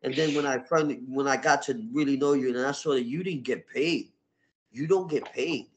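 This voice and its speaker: A middle-aged man, a wrestler, telling stories in a casual interview, animated and full of swearing. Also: medium pitch, brisk. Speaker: wrestler guest. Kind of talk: casual storytelling.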